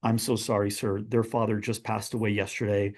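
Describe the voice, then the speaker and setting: A man quoting a grieving young mother in a story, speaking softly and apologetically. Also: lowish voice, flat delivery, a little fast. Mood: apologetic. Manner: soft, apologetic, quietly overwhelmed. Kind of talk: acted quote in a spoken story.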